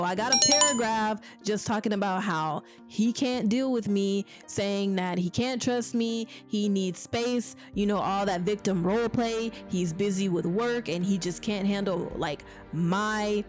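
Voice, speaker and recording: A young woman telling a storytime tale in a blunt, animated and profane way, with laughing asides. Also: a little high. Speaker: vlogger. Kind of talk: casual storytime.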